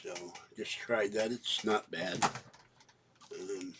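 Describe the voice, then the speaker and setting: At home with a noisy background, an older man with a cough slowly goes through his shopping haul in a casual, rambling way. He uses fillers and keeps having coughing fits, his low-ish voice staying steady.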